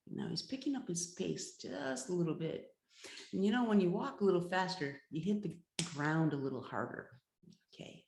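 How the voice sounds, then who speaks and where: A woman teaches a class by telling a story, leaning on repetition and drawn-out pauses for suspense. Her voice is low and gravelly. The room gives it a noticeable echo. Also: dark tone. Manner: repeats words, builds suspense, slows down for drama. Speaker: healer and teacher. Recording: roomy echo.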